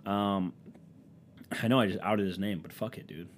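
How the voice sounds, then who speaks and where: A man's voice: fairly low pitch, steady tone, normal speed, a little hiss or hum. Sarcastic, profane young man with a stuffy nose. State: stuffy-nosed from allergies. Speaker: vlogger. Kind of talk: casual comedic monologue.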